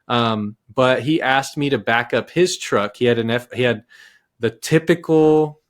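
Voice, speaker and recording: A man in his thirties from Texas, a podcast guest telling a childhood story in a lively, casual way with many restarts. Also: medium pitch, measured pace.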